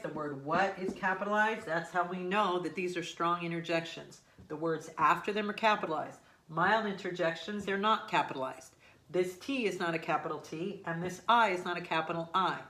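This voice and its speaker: Bright-voiced teacher checking in with "okay?". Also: female voice, lowish voice. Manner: patient, explains step by step with frequent "okay?" checks; acts out example sentences with lively emphasis. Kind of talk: recorded grammar lesson.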